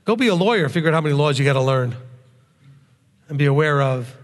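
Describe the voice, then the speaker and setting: A man's voice: on the high side, animated, quick pace. A man preaching a sermon to his congregation as their rabbi, talking conversationally and often checking in with "okay?". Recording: long reverb of a hall.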